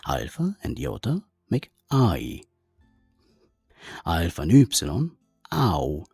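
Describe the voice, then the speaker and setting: A man's voice: low-pitched, huge pitch swings, slow pace, gravelly, a little mellow, slightly rough, no room sound, faint music behind. A man giving a methodical language lesson, naming letters and their sounds one by one. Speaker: language teacher. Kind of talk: explanatory lesson.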